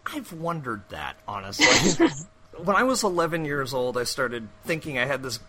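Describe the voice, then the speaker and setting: Bright-voiced curious male interviewer. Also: mid-range voice, very animated, moderate pace, rough recording. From upstate New York. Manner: curious, asks probing follow-up questions. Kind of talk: casual conversational interview.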